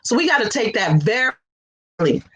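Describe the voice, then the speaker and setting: A woman's voice: on the high side, sing-song, fast talker, a bit bright, slightly rough, rough recording. A woman co-hosting a casual religious talk show over a video call, chatty and laughing often. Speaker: co-host.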